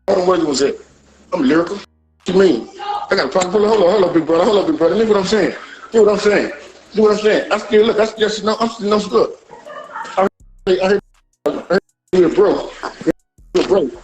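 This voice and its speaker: Brief: quick, high-pitched man, loose rambling banter over faint music. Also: darkish tone, low-quality recording. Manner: rambling, repeats "you hear me". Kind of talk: casual banter.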